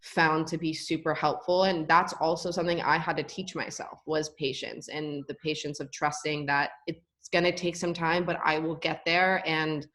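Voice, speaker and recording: A young woman with a notably low-pitched voice talks through her time as a college volleyball player. She speaks candidly and casually, scattering "like" through her sentences. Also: level tone, normal speed, hardly any pauses, a bit bright. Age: young adult. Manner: candid, frequent "like" fillers. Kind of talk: casual interview talk.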